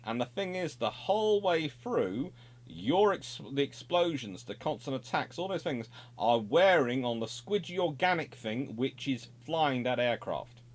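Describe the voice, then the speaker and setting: A man's voice: mid-range voice, very animated, a little slow. A middle-aged man presenting naval history in an unscripted, discursive explanatory monologue. He corrects himself often and adds wry asides.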